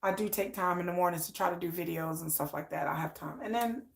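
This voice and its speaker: A woman's voice: lowish voice, fast, creaky. A woman from Texas chatting casually on a livestream, telling stories and acting out voices. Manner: animated storytelling, acts out voices. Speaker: livestream host. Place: home room with ring lights.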